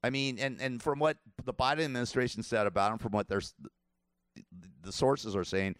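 A man's voice: medium pitch, steady tone, a little fast, a bit bright, dry recording, studio quality. A man around sixty hosting his own show, giving casual political commentary in a rambling way, repeating himself and chuckling often. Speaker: show host.

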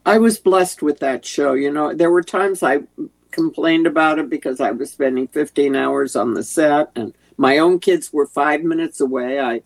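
Older actress guest, gravelly, meandering and full of restarts. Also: female voice, low voice, normal speed. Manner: warm, rambling, many restarts. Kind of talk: casual interview chat.

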